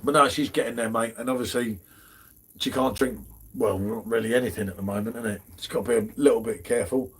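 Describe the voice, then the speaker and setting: A middle-aged man with a fairly bright, slightly rough, medium-pitched voice talks fast while hosting his beer channel's casual livestream. He's chatty and full of banter, saying "mate" often.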